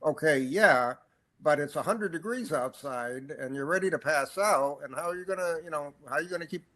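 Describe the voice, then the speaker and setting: A man with a slightly raised pitch hosts a sports history podcast. He talks in an easygoing, chatty way, breaking in with quick reactions. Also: a bit bright. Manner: conversational, reacts with short interjections. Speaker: podcast host. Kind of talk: casual interview chat.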